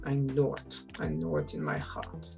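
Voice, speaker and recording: A woman's voice: low voice, flat delivery, moderate pace, vocal fry, over music. A woman streaming a game, chatting casually and rambling, swearing often as she goes. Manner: rambling, swears freely, frequent restarts. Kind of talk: casual chat while gaming.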